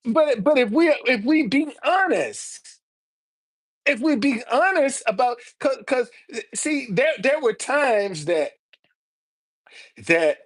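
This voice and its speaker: A woman in her seventies hosts a live stream in a high, animated voice, speaking slowly with long pauses as she answers viewers. Fiery and profane, she repeats herself and stammers into fresh starts.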